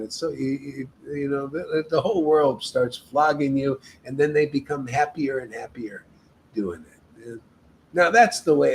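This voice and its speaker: A man's voice: fairly high pitch, creaky, a little hiss or hum, low-quality recording. A man leading a devotional meetup, preaching in an emphatic, casual way and often tagging his sentences with "man". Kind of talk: informal devotional sermon.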